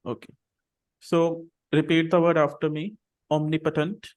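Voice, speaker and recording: A man teaching an English class over a video call, patiently saying words slowly and repeating them for students to copy. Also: on the high side, little pitch movement.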